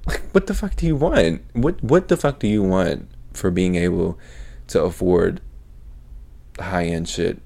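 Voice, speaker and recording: A young man hosting a podcast, telling a story as a casual, animated rant full of profanity. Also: deep voice, a little slow, vocal fry. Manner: profane, animated, swears constantly. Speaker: podcast host.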